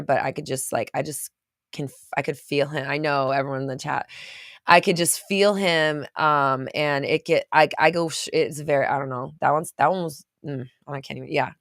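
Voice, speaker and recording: A woman's voice: deep voice, vocal fry, dry recording, studio quality. A woman host talking casually to a live chat, rambling with many restarts and at times getting choked up. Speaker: podcast host.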